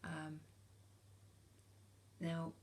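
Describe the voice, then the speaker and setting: A woman's voice: low-pitched, completely flat delivery, extremely slow, darkish tone. A British woman in her forties talking casually to camera, frank and earnest, hesitating often with ums and restarts. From United Kingdom. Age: 40s. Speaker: vlogger.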